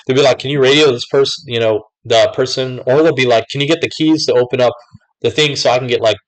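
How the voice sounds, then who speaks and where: A man's voice: mid-range voice, fast, poor audio. A young man vlogging casually, rambling with lots of filler words as he tells what has happened lately. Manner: rambling, many fillers like "like" and "whatever". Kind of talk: casual talk to camera.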